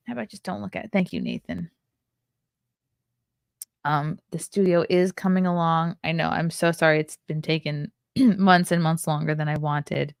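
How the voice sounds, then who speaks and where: A woman with a low, animated voice and some vocal fry talks at a normal pace, streaming from her home desk with a webcam. She rambles casually through a live-stream film review, reading chat and tossing in sarcastic asides. The audio is clean studio quality with no room sound.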